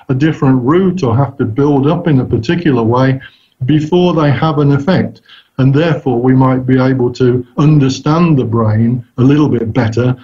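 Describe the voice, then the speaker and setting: A man's voice: a little high, mellow. Man giving thoughtful hesitant answers. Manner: thoughtful, hesitant, frequent restarts. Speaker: interview guest, cybernetics researcher. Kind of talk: casual interview answers. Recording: dull lo-fi recording.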